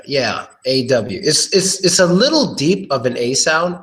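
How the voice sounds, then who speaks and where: In a relaxed live online class, a male teacher works on English pronunciation, chatting loosely, repeating words and clearing his throat frequently. He speaks at a medium pitch with lively intonation and a measured pace, his tone fairly bright, though the audio is poor.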